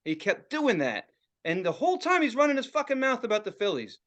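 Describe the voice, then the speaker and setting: A man's voice: very high voice, fairly quick, dull audio. A man hosting a podcast, telling a story in casual chat and cursing a lot. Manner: animated, profane storytelling. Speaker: podcast host.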